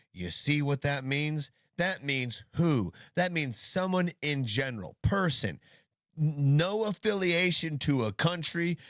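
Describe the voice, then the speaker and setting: A man's voice: a little high, a bit bright, no room sound. Man, indignant, sarcastic, swearing, dry close sound. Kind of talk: heated casual argument.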